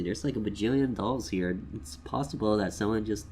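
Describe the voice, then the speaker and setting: A man giving casual, joking game commentary, swinging between mumbles and loud outbursts. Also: lowish voice, a little fast, a little hiss or hum. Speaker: let's play gamer.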